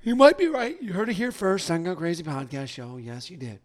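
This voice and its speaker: Casual sports co-host, male, higher-pitched, excitable and jokey, volume up and down. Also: fairly quick. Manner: excitable, jokey, swings between loud and mumbled. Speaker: podcast co-host.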